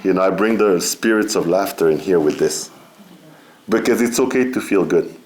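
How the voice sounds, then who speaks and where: At a seminar, a middle-aged male guest gives an informal spiritual talk, relaxed and conversational. His voice sits low and he speaks at normal speed, often saying "you know" and laughing between points.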